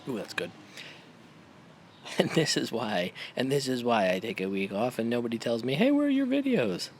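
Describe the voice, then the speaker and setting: A man's voice: mid-range voice, moderate pace, a little hiss or hum. A man in his thirties, a homebrewing vlogger and dad, chatting casually in a loose, rambling, slightly tipsy way.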